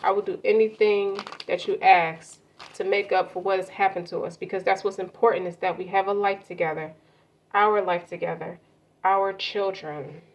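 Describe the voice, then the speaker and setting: A woman's voice: medium pitch, steady tone, normal speed, close to an everyday voice. A woman voicing a remorseful man who earnestly vows his love and promises to make amends. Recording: muffled lo-fi audio.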